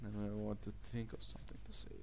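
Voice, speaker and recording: A man making quick, quiet, hesitant asides to himself while he improvises. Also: lowish voice, completely flat delivery, a little hiss or hum.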